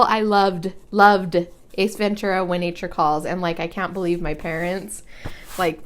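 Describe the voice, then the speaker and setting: Chatty young woman crafting and humming. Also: mid-range voice. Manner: chatty and giggly, hums while working. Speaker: crafting vlogger. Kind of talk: casual craft tutorial chat.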